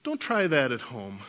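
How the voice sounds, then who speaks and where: A man preaching a sermon, telling lively childhood stories and laughing through them. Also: mid-range voice, creaky, slight background noise. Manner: animated storyteller, laughs through anecdotes. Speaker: pastor. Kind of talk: sermon with storytelling.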